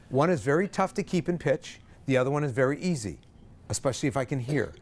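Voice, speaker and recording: A middle-aged man directing a choir, coaching vowels and pitch and singing example notes himself, with jokey asides. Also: animated, a little fast. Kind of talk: vocal warm-up lesson. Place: rehearsal room with a choir.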